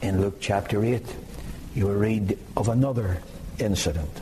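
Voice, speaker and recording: A man preaching a sermon, emphatic and rising to impassioned high peaks. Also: normal speed, mellow, slight background noise, low-quality recording.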